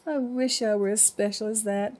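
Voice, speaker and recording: A man's voice: sits high, fairly even intonation, moderate pace, darkish tone, natural voice. A grandma doing a whiny little cricket boy. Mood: despairing. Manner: whiny, pleading. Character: small, sad, envious young male cricket.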